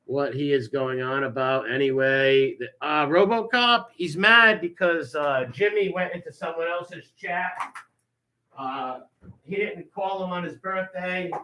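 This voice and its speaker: A man hosts a casual livestream, reacting to a clip with mocking remarks. His voice is bright and forceful, and he breaks off to greet viewers in the chat. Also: fairly high pitch, measured pace, slight background noise.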